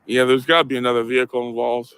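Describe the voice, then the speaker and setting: Smooth-voiced man musing on a livestream. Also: medium pitch, level tone, racing, a bit bright, no room sound. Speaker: livestreamer on a watched clip. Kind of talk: casual livestream chat.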